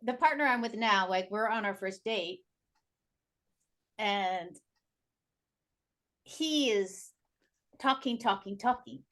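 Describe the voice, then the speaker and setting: A woman guest in a casual interview, telling stories in a lively way and acting out the dialogue. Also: medium pitch, slow, pauses often. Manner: animated, acts out dialogue in her stories. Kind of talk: casual conversational storytelling.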